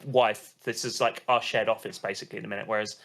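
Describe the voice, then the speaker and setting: A man's voice: lowish voice, fairly even intonation, quick pace, fairly bright tone. A man hosting a podcast over a video call, enthusiastic and rambling, often restarting sentences. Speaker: podcast host.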